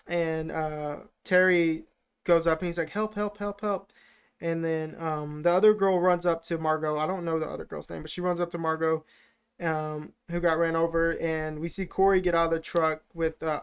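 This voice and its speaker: A man's voice: on the high side, clean tone. A man co-hosting a podcast, rambling through a casual film recap with lots of fillers and swearing. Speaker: podcast co-host.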